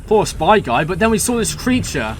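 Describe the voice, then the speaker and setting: A young man hosting a show reaction, rambling excitedly with lots of "like" and "man". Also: sits high, moderate pace, slight background noise. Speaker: reaction video host. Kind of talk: excited casual reaction talk.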